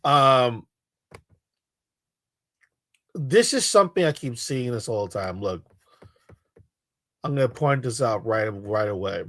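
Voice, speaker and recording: A man giving casual, halting reaction commentary on a clip, scoffing and repeating himself. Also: mid-range voice, animated, fairly bright tone, no echo. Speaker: reaction streamer.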